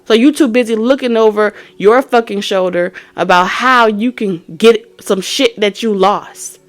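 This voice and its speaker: Woman, tarot reader, profane, blunt, scolding, medium pitch. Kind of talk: profane tarot reading rant.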